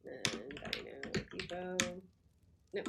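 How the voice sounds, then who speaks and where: A woman's voice: lowish voice, animated, takes it slowly, creaky, very noisy. A woman chatting casually on a game livestream, talking with lots of fillers and little laughs while she eats and plays. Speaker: game streamer.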